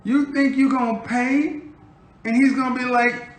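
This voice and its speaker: A man's voice: very high voice, fairly even intonation, moderate pace, fairly bright tone. A man hosting a live stream, lecturing and teasing his audience in a provocative, mocking way. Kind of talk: casual live-stream monologue. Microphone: phone.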